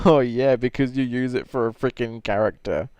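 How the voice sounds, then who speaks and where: A man's voice: mid-range voice, no room sound. A man hosting a casual Q&A stream, chatting with a friend and laughing easily. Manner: laughs easily, quick and animated. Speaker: host. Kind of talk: casual chat during a livestream Q&A.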